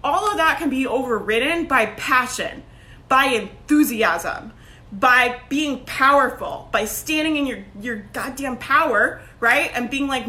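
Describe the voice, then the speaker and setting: A woman in her thirties giving a loud, emphatic motivational talk to camera, laughing often and peppering her speech with "like" and "right?". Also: high-pitched, animated, measured pace. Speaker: online business coach. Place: at home. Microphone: phone.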